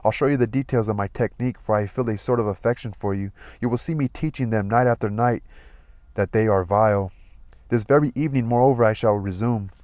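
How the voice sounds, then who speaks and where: A man reading a novel aloud in a measured, expressive way. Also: fairly low pitch, dry recording. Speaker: audiobook reader.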